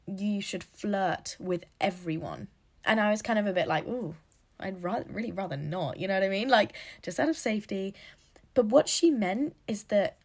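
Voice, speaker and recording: A woman's voice: medium pitch, creaky, a little mellow. A woman hosting a casual solo podcast, chatty and rambling, laughing at her own slips. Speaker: podcast host.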